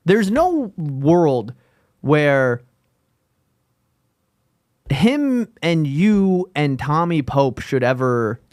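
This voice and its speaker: Brief: male comedy podcast co-host, casual rambling chat, swears a lot, slightly higher voice. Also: sing-song, drawn-out words, pauses often, darkish tone, no room sound, clean studio sound. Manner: rambling, profane storytelling with restarts.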